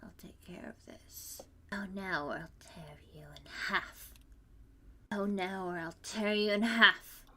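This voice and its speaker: A woman voice actor playing a determined young female fighter who protects her sisters, in a breathy, half-whispered delivery that rises to shouts. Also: mid-range voice, slow pace. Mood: defiant. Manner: earnest, defiant, rising to shouted threats.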